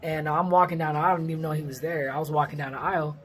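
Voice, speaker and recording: A man in his thirties from the Sacramento area of California, casually telling a personal story with lots of fillers and lively quoted dialogue. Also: a little high, quick pace, faint music behind. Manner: rambling, heavy on fillers, lively when quoting others. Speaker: vlogger.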